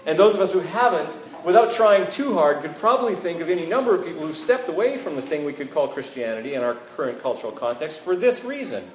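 A man's voice: on the high side, big pitch swings, fast talker, few pauses, slight background noise. Conversational Canadian man preaching, echoey room. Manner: conversational, asks "right?" often. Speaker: pastor. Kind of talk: sermon. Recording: echoey room, faint ambience.

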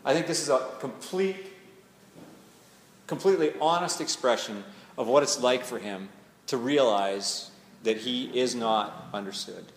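A man's voice: mid-range voice, a little slow, a little hiss or hum. A man preaching a sermon in a conversational, reflective way, building to emphatic readings of scripture. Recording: echoey hall with faint ambience.

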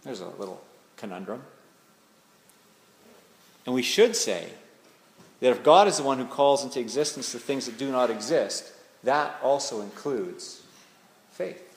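A man, a pastor, preaching a sermon in a conversational, searching way, slowing down to lean on key words. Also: mid-range voice, animated, vocal fry. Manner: conversational and searching, slows down for emphasis. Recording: echoey hall with faint ambience.

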